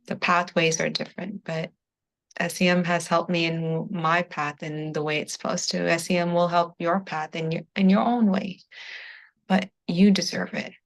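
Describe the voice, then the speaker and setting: Her voice is on the low side with vocal fry. She's a coaching client giving a heartfelt, spiritual testimonial in an interview, near tears and emotional, often falling back on the phrase "I was like."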